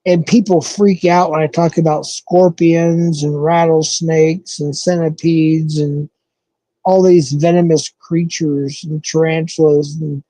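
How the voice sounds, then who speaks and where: A man's voice: a little high, little pitch movement, measured pace, warm tone, dry recording, low-quality recording. A man from the American Southwest hosting a casual live stream, rambling loosely and correcting himself as he chats with viewers. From southwestern United States. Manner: rambling, loose, thinks aloud with fillers and self-corrections.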